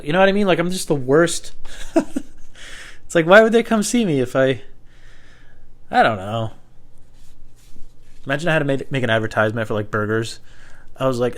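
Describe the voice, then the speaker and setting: A young man, a comedian, rambling in a loose, profane, self-deprecating way, with lots of fillers and sudden loud high voices when he quotes people. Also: animated, fairly quick, pauses often. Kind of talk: rambling stand-up style monologue.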